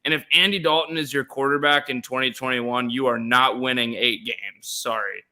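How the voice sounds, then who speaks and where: Bright-voiced young man, emphatic sports takes. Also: medium pitch, steady tone, a little fast. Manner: emphatic, opinionated, repeats words for stress. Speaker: podcast co-host. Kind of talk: casual sports podcast chat.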